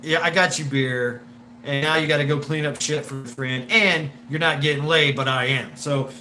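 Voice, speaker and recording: A man's voice: fairly high pitch, fairly even intonation, pushed and bright, faint music behind. Profane, laughing man rambling a story. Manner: halting, repeats words, profane, laughs often. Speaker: storyteller recounting a personal anecdote.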